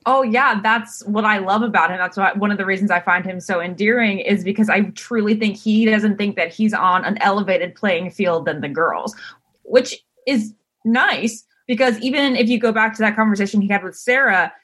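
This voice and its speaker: A woman's voice: medium pitch, normal speed, a bit bright. A woman guesting on a podcast, speaking earnestly in casual chat.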